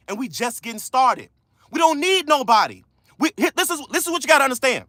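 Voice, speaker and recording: A man coaching viewers on a livestream, loud, slangy and preachy, repeating key lines. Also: very high-pitched, very animated, fast talker, dry recording, studio quality. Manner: casual slangy speech. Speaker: credit coach hosting a livestream. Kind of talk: motivational livestream talk.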